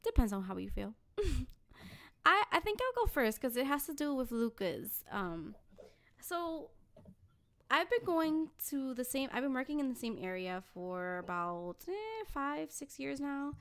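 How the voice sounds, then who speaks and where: A young woman co-hosting a podcast, telling a story in a blunt, animated, profane way. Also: high-pitched, unhurried. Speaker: podcast co-host. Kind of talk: casual podcast chat.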